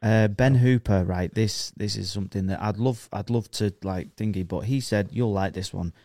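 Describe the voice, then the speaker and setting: A man with a lowish voice co-hosts a casual podcast, reading listener comments aloud and laughing along. He swears freely and keeps things jokey. The sound is dry and close. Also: steady tone, normal speed, mellow, no room sound. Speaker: podcast co-host.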